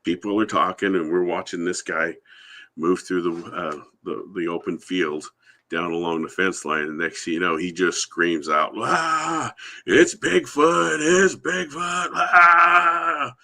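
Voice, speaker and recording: A man's voice: deep voice, flat delivery, moderate pace, bright, forceful tone. A man from the Yakama Reservation in Washington, telling a long rambling story as a podcast guest over a remote call. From Yakama Reservation, Washington, USA. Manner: rambling anecdotal storytelling, acts out quoted voices. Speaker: guest, Sasquatch researcher. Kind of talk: storytelling in a live podcast interview.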